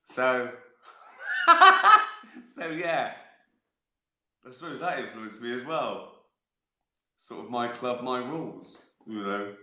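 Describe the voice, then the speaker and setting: On his own live stream, a fifties-aged man spins rambling stories, laughing often and swearing freely in a casual chat. He speaks unhurriedly in a medium-pitched, slightly bright voice, and the room echoes.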